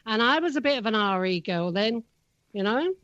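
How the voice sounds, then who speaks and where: A woman's voice: a little high, expressive, normal speed, a bit bright, dry recording, highs cut off. A woman with a South London accent, chatting as a podcast co-host and laughing easily. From England. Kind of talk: casual chat.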